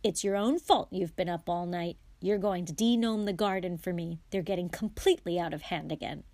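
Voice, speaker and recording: A woman's voice: lowish voice, animated, moderate pace, darkish tone, no echo. Woman reading as a stern, bustling mother. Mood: scolding. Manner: scolding, snappish, then fond. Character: stern, bustling middle-aged mother of a big family.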